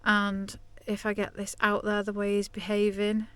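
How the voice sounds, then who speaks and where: A woman's voice: mid-range voice, completely flat delivery, moderate pace, fairly bright tone, clear, resonant tone, no room sound. A woman talking candidly and chattily to camera in a casual vlog from inside her van. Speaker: vlogger.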